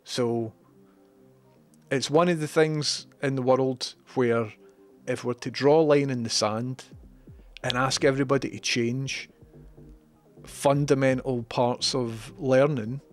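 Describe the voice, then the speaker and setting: Scottish guy streaming, chatty and sweary, bit of a cold, quiet music behind. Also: medium pitch, fairly even intonation, slow, pauses often. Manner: chatty, swears casually, reads chat aloud. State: has a cold. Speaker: livestreamer reading chat. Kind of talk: casual stream chat.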